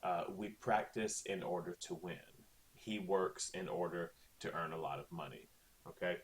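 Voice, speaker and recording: A man's voice: deep voice, moderate pace. A man teaching a recorded Spanish lesson in a chatty way, often checking in with "okay?".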